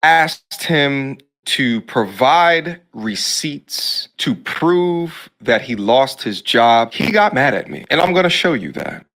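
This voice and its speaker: A man talking to his viewers in a deliberate, repetitive video monologue. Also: mid-range voice, lively intonation, fairly bright tone. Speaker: content creator.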